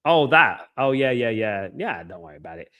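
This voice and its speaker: A man's voice: mid-range voice, sing-song, fairly quick, bright, forceful tone, highs cut off. A man hosting a live football watchalong, ranting with passion and repeating himself. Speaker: watchalong host.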